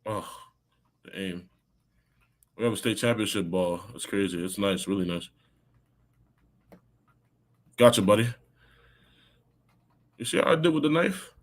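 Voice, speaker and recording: A young man, a college football player, chatting casually on a live stream while playing a game, excitable and talkative. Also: lowish voice, unhurried, long pauses. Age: young adult.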